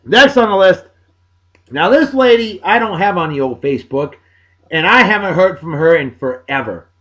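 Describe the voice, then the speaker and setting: A middle-aged man, hosting a casual podcast and giving exuberant, folksy birthday shout-outs. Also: sits high, animated, normal speed. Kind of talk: casual chat.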